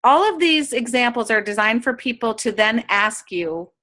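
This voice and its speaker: Bright, high-voiced woman coaching sellers. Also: expressive, normal speed. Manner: upbeat, coaching, acts out sample chats. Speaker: sales trainer. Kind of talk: training talk to direct sellers. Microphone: video call.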